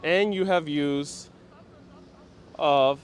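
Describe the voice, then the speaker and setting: A man's voice: a little high, very slow, a little hiss or hum. A man from New York City hosting a live walking tour outdoors, chatting with viewers and reading out and answering their comments. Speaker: walking-tour livestream host.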